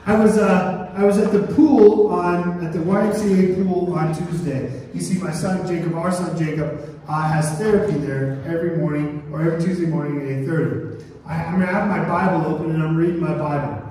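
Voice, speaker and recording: Man, pastor, lively sermon delivery, high voice, booming church hall from a distance. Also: a little fast, a little hiss or hum. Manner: animated preaching with call-and-response questions. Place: church sanctuary.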